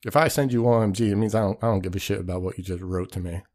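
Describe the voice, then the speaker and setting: Low-voiced man ranting casually, profane. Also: very fast, darkish tone. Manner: rambling, profane, self-deprecating; acts out quoted people. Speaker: podcast host. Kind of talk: casual comedic monologue.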